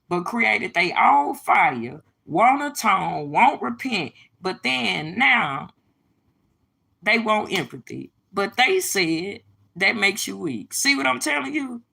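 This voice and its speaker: A woman's voice: medium pitch, gravelly, sharp tone, husky. A middle-aged woman holding forth on a livestream, emphatic and preachy, blunt and profane, talking straight to her viewers. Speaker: livestream host. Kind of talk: casual livestream monologue.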